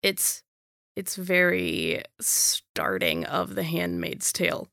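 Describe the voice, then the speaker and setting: A woman's voice: lowish voice, sing-song, takes it slowly, creaky, pushed and bright, dry recording, clean studio sound. A woman from Minnesota chatting frankly and emphatically on a podcast. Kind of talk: casual chat.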